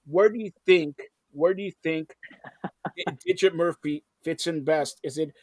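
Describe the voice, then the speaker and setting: Teasing male talk-show host, high voice, dry close mic. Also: a little slow, darkish tone, no echo. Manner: playful, teasing, talks over guests. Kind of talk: casual interview chat.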